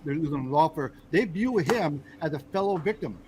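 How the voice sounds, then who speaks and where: Podcast host, American man, a bit high-pitched, lots of ums and restarts, faint noise behind. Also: expressive. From United States. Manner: halting, many fillers and restarts. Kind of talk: casual political chat.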